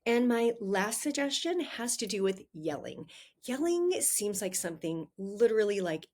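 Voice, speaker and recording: A woman's voice: lowish voice, a little mellow. A middle-aged woman hosting a solo advice podcast as a relationship coach, talking conversationally with frequent "um" and "right?" tags.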